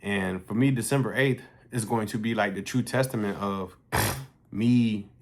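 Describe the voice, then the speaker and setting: A man's voice: fairly low pitch, a little slow, gravelly. A man talking casually and bluntly to his viewers in a vlog, swearing freely as he tells a story. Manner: blunt, profane, conversational. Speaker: fitness coach.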